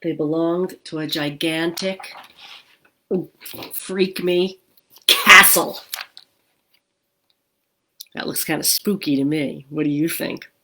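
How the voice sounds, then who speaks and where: A middle-aged woman librarian reading a picture book aloud to children, expressive and asking them questions. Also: low-pitched, takes it slowly, pauses often, slight background noise. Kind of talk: storytime read-aloud.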